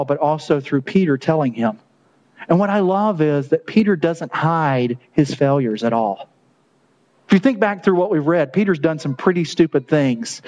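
A male pastor preaching a sermon with a slightly higher voice than most men. He keeps it loose and conversational, tossing in jokes and chuckling at his own asides. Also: a little mellow, poor audio.

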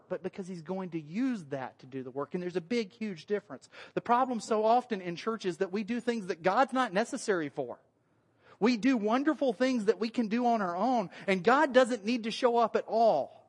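A man, a pastor giving a relaxed, conversational sermon in church, cracking jokes. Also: sits high. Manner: conversational, joking, acts out quoted voices. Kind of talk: casual sermon with slides.

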